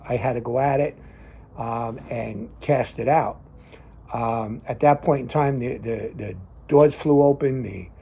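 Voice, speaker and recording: A man's voice: mid-range voice, dark tone, breathy edge. A middle-aged man hosting a casual talk show, rambling through a story with many fillers and restarts. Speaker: host. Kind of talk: casual chat. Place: garage.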